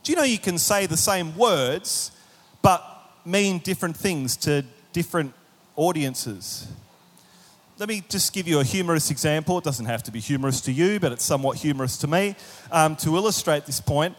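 Man, sermon, high voice, animated, humorous asides, long hall reverb. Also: moderate pace. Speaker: pastor.

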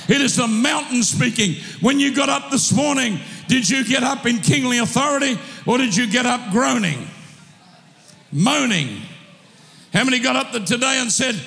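A male pastor preaching a sermon with a strained throat, exhorting in loud bursts with humorous asides. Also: very high-pitched, animated, moderate pace, gravelly, in a large hall.

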